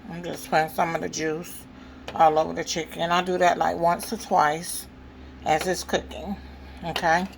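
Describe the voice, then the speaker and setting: A woman's voice: on the low side, level tone, normal speed, creaky, slight background noise, rough recording. A woman giving a casual cooking demonstration in her home kitchen, chatting to viewers and checking in with "okay?" as she goes. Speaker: cooking vlogger.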